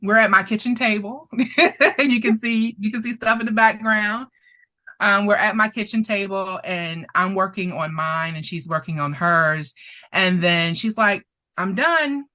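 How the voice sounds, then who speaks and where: A woman's voice: medium pitch, fairly even intonation, normal speed, bright, forceful tone. A woman therapist presenting as a guest, telling a story expressively, laughing often and getting emotional. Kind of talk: animated storytelling in conversation.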